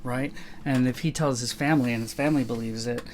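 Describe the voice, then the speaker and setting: Casting: adult man, mid-pitched, loose chatty podcast delivery, lots of restarts, faint background noise. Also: steady tone, quick pace. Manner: rambling, self-correcting, acts out quoted dialogue. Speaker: podcast co-host. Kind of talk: casual conversational podcast.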